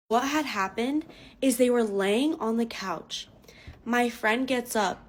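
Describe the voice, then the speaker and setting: A woman telling a scary personal story in a casual storytime, swearing freely and rushing through the retelling. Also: a little high. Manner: profane, breathless retelling.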